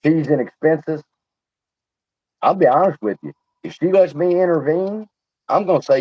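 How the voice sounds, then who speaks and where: A man's voice: fairly high pitch, expressive, moderate pace, pauses often, dark tone, dry recording, poor audio. A man hosting a livestream, ranting in a blunt, profane, fired-up way. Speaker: livestream host. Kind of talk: heated casual livestream rant.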